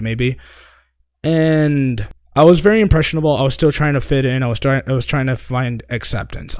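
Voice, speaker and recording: A man's voice: mid-range voice, dry recording. Rambling young man telling stories, dry mic. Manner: rambling storyteller, swears casually, many fillers. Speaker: podcast co-host. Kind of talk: casual chat.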